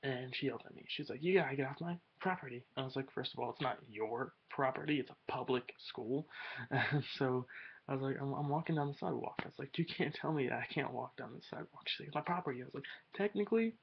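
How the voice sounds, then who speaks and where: A man's voice: medium pitch, fairly even intonation, fast, vocal fry, breathy edge, dull audio. A teenage boy rambling in a casual webcam vlog, slangy and swearing a lot. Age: teens. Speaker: vlogger.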